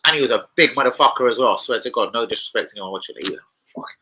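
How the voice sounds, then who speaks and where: A man's voice: mid-range voice, rapid-fire, pushed and bright, rough recording. A young man, hosting a casual live-stream chat, rambling through stories full of slang and swearing. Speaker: football fan channel host.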